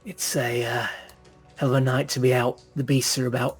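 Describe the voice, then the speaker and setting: A man's voice: medium pitch, flat delivery, normal speed, slightly rough, soft background music. A man playing a plain-spoken man-at-arms who talks bluntly and in a hurry. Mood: urgent.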